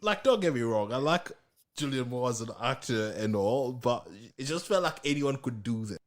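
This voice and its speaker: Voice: mid-range voice, expressive, normal speed. A podcast co-host chatting casually and taking a dismissive, contrarian line.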